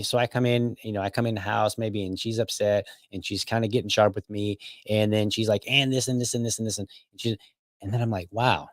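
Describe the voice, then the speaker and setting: A man's voice: lowish voice, no room sound, clean studio sound. A man hosting a podcast, commenting casually in a rambling, self-correcting way. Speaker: podcast host.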